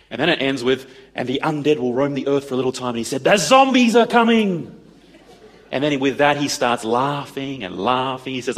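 A man telling a story to an audience, acting out the dialogue in an animated way. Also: a little high. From Australia. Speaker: speaker addressing an audience. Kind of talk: storytelling talk.

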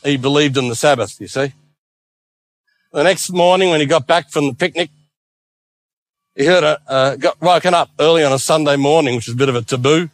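A man preaching a sermon as a lively storyteller with playful asides. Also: on the high side, fairly quick, long pauses, no echo.

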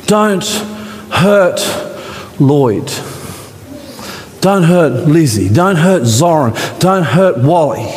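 A male preacher voicing the angel of the Lord as a commanding heavenly messenger, calling out slow, urgent pleas in a church with long reverb. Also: fairly high pitch, animated, darkish tone. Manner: urgent, drawn-out, pleading commands.

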